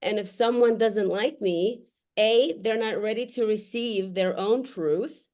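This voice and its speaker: A woman's voice: mid-range voice, unhurried, darkish tone. A middle-aged woman talking candidly to the camera as a mother addressing other parents, blunt and profane, often laughing between phrases. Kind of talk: candid unscripted talk to camera. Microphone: camera facing her.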